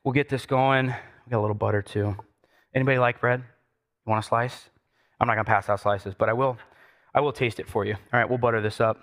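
A man's voice: mid-range voice, steady tone, fairly quick, long pauses, fairly bright tone. A man preaching a sermon as pastor, talking conversationally with the congregation and building to emphatic repeated lines.

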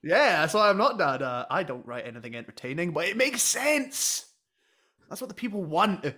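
A man's voice: fairly high pitch, very animated, quick pace, sharp tone. A man co-hosting a comedy podcast, ranting in exasperation and swearing often. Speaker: podcast co-host. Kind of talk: casual comedic chat.

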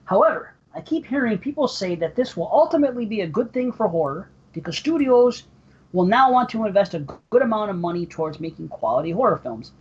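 A podcast host with a high, breathy voice reads listener emails at a quick clip, trading crude jokes in loose banter. He's animated and laughs often, and the audio sounds muffled and lo-fi.

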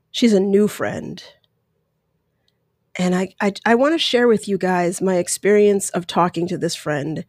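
A woman's voice: fairly low pitch, darkish tone, no echo. Woman, 30s, podcast host, candid and emotional personal storytelling, close dry mic. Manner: candid, emotional, rambling with restarts. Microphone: close microphone.

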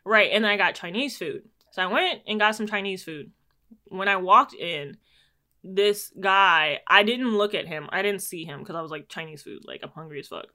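A woman's voice: medium pitch, moderate pace, pushed and bright. A woman in casual chat, animatedly telling stories and acting out exchanges, swearing freely.

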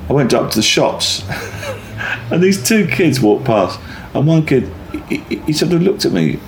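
A middle-aged man in casual conversation, telling stories in a rambling, self-interrupting, animated way. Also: on the high side, unhurried, a little hiss or hum. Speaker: guest, performer.

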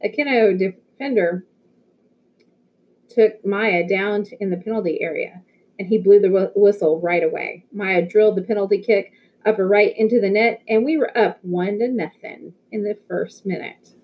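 A woman's voice: mid-range voice, moderate pace. Woman narrating a novel, lo-fi sound. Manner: lively storytelling, occasional restarts. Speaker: audiobook reader. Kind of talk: first-person novel narration.

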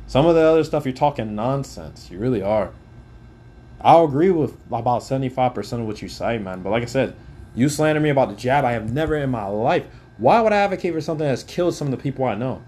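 A man's voice: medium pitch, a little mellow. A man in his twenties delivering an angry, profane rant as a podcaster, swearing often and speaking straight to the listener. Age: 20s. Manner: heated, swears often, direct address.

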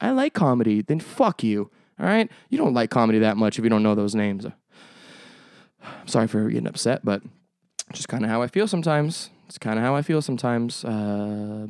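A young man hosts his own podcast in loose, rambling chat, swearing freely and joking as he goes. His voice is smooth and resonant, and the sound is close and dry with no room echo. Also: medium pitch. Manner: rambling, profane, jokey. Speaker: podcast host. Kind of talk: casual solo podcast chat.

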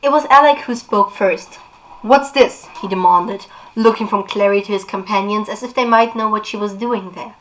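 A woman's voice: mid-range voice, a little fast, few pauses, a bit bright, low-quality recording. Chatty woman vlogger discussing a book. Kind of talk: casual book discussion and reading aloud.

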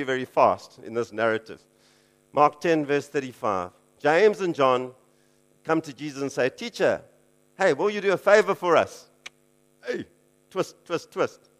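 Conversational male preacher. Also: mid-range voice. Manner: conversational, frequent "okay", chuckling asides. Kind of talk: casual teaching sermon.

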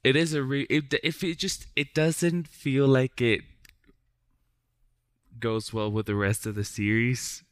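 A man's voice: mid-range voice, fairly even intonation, a little slow, dry recording. A man hosting a podcast, chatting in a laid-back, enthusiastic way with casual swearing. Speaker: podcast host. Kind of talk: casual chat.

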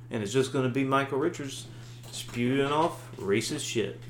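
A man co-hosting a podcast in casual chat, animated and swearing freely, slipping into mock voices. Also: mid-range voice, normal speed, roomy sound, a little hiss or hum. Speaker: podcast co-host.

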